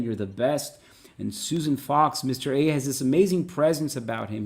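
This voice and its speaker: A man's voice: mid-range voice, gravelly, darkish tone. Upbeat man reading viewer comments. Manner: reads comments quickly and enthusiastically. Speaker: podcast host.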